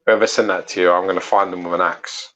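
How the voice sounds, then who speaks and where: A man's voice: sits low, steady tone, fast, a bit bright. A man, bantering bluntly and teasing as co-host of a casual live chat. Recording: muffled lo-fi sound.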